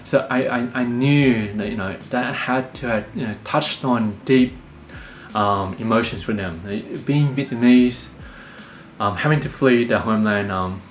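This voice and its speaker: A young Australian man calmly telling a personal story, full of fillers and restarts. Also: mid-range voice, a little slow, slight background noise. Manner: calm, many fillers and restarts. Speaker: podcast host. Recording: echoey room with faint music.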